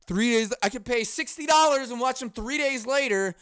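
A man hosting a comedy podcast, ranting in a profane, sarcastic, animated way. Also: extremely high pitch, moderate pace, clean tone, dry recording, studio quality. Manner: profane, sarcastic, animated, laughs at own jokes. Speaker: podcast host. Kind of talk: comedic rant.

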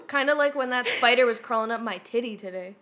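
Animated, playful woman hosting a podcast. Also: a little high, fast, a little hiss or hum. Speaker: podcast host. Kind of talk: casual chat.

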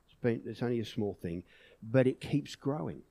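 A man's voice: medium pitch, expressive, moderate pace, creaky, dark tone. A man preaching a sermon in an earnest way, pushing emphatic peaks on key words.

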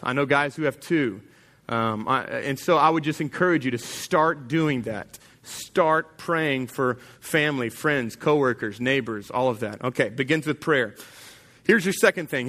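A man's voice: mid-range voice, normal speed, pushed and bright. A man pastor preaching a sermon to his congregation in an emphatic, casual and plain-spoken way.

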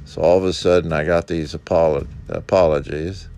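Male park ranger recounting a story and voicing everyone in it, with a gravelly fry. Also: low voice, steady tone, a little fast, dark tone, dull audio, faint music behind. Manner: acts out the dialogue, quoting each speaker. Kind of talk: telling a personal anecdote.

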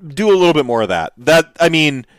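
Male host, casual commentary; smooth, resonant, dry; eager and rambling. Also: a little high, very animated, brisk, a bit bright, dry recording. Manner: enthusiastic, rambling with restarts and fillers. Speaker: host reacting to miniature reveals.

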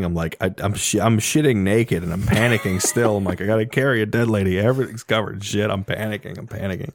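Man, low voice, animated raconteur, swears freely, laughs mid-story, dry room. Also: no room sound. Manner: animated, laughing often, profane. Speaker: storyteller guest. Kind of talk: casual storytelling chat.

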